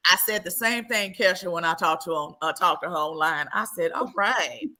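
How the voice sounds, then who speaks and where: A woman's voice: lowish voice, fairly quick, bright, forceful tone. A woman hosting a live podcast, chatting casually, laughing often and loose in her speech. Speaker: podcast host.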